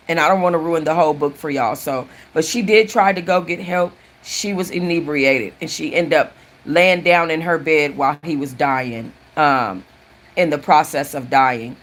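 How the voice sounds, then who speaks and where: A low, slightly bright female voice leads a laid-back book chat on a live stream. The host is chatty, restarts a lot, and drops thanks to viewers mid-sentence.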